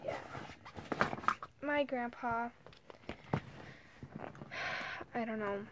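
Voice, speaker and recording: A teenage girl vlogging casually, talking softly and hesitantly with many fillers while holding back tears. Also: a little high, extremely slow, heavy background noise. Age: teens. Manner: soft, hesitant, full of "like" and "you know". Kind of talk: casual emotional vlog.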